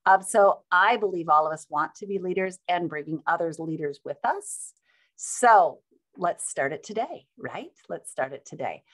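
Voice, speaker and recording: A woman hosting and moderating a video call, upbeat and chatty, with quick asides to the group. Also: lowish voice, expressive. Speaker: meeting host and moderator.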